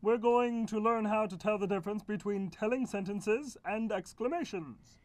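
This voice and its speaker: A woman doing a calm punctuation pal in a children's lesson skit who explains things patiently and hums between thoughts. The voice sits at a middle pitch. The sound is dry and close. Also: moderate pace, no room sound, natural voice. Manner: patient, explaining, humming "hmm" often. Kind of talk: children's educational puppet skit.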